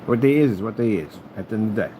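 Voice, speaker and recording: A man's voice: lowish voice, animated, rapid-fire, highs cut off, slight background noise. A man delivering a rambling, taunting monologue at a rival, repeating stock phrases and humming to himself as he works through paperwork indoors. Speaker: YouTuber addressing a rival.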